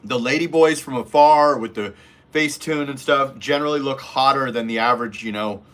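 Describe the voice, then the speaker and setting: A man's voice: mid-range voice, brisk. A man hosting a casual livestream, reading chat and giving blunt, profane dating advice. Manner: blunt, profane, mimics voices in anecdotes.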